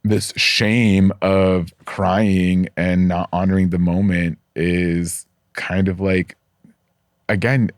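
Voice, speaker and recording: A man as a podcast guest, telling personal stories in a candid, profane, animated way and acting out the voices he quotes. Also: low voice, takes it slowly, no echo, clean studio sound. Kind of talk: casual conversational storytelling.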